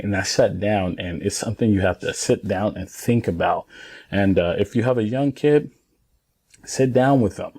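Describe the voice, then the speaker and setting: Earnest low-voiced man coaching. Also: dark tone, husky. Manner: earnest, emphatic, repeats points for stress. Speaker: former pro baseball player coaching parents and kids. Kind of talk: casual instructional talk to camera.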